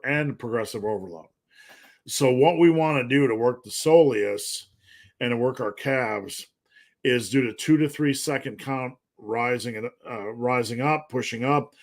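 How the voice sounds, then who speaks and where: A man hosts a live-stream question session as a fitness coach. He reads viewer names and questions aloud, then answers in a loose, joking, rambling way. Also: medium pitch.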